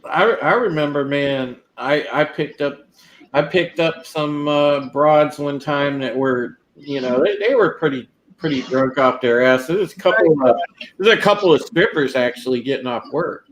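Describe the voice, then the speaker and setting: A man's voice: fairly high pitch, normal speed, a little hiss or hum. A man hosting a podcast who chats casually and crudely, stammering and restarting his sentences. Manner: stammering, repeats words, crude. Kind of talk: casual chat.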